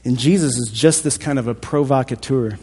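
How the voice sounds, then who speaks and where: A man preaching a sermon in a thoughtful, conversational way, with a husky voice. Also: medium pitch, brisk, a little mellow. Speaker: pastor. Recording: long hall reverb.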